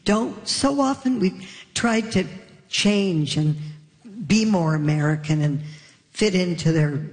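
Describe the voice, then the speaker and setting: A woman's voice: lowish voice, lively intonation, takes it slowly, a little mellow. A Canadian woman on a comedy panel who tells stories animatedly and laughs through them. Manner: laughs while telling stories. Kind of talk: panel discussion. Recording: reverberant hall.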